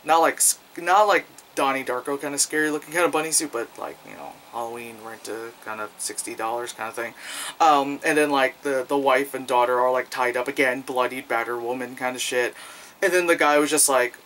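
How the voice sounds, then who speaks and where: A man's voice: mid-range voice, moderate pace, pushed and bright, poor audio. A man casually reviewing a film, rambling with lots of fillers and profanity, acting out quoted lines. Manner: loose, profane, many fillers; acts out quoted lines in jumpy voices.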